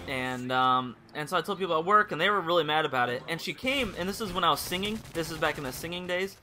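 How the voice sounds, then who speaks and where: High, sharp-voiced young man rambling. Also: expressive, quick pace, few pauses, a little hiss or hum. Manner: rambling, candid, swears casually. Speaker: gaming channel host. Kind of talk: casual storytelling over gameplay commentary.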